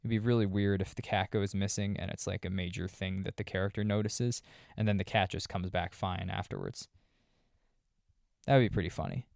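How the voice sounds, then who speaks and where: A man's voice: sits low, fairly even intonation, a little fast, creaky, darkish tone, no echo, studio quality. A man hosting a podcast, casually reviewing a horror movie in a wry, sarcastic, rambling way. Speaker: podcast host.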